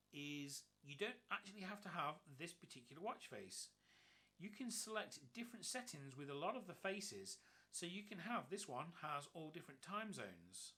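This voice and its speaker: A man's voice: on the high side, bright, forceful tone. A man giving an enthusiastic, upbeat walkthrough review of a gadget. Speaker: tech reviewer.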